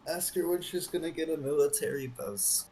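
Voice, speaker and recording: A man's voice: a little high, moderate pace, darkish tone, slight background noise. A man, a game developer co-host, chatting casually with dry jokes. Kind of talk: casual chat while working.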